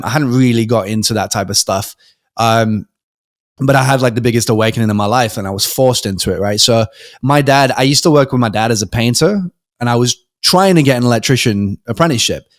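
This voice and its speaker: A young man who grew up in Britain tells a personal story as a podcast guest, at an ordinary mid-range pitch. He talks casually, stumbling and restarting, and slips into the voices of the people in his story. The recording is close and dry. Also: no echo. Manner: animated storyteller, acts out quoted voices, frequent ums and restarts.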